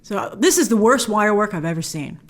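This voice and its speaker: A woman's voice: medium pitch, lively intonation, fairly quick. A woman hosting a movie trailer breakdown, talking with wry, joking asides. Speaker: movie trailer reviewer host.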